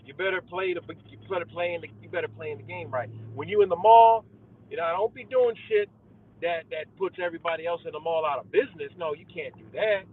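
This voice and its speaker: A man's voice: a little high, quick pace, slightly rough. A young man hosting a live stream, ranting heatedly and profanely to his viewers about conspiracies, calling them guys. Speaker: livestream host. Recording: tinny phone-like audio with faint car noise.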